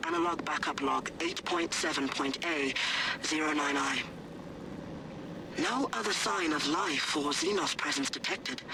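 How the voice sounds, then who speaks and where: A man voicing a clinical machine-priest who dictates coded log entries in a measured, formal way, from a video game, heard under loud noise. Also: a little high.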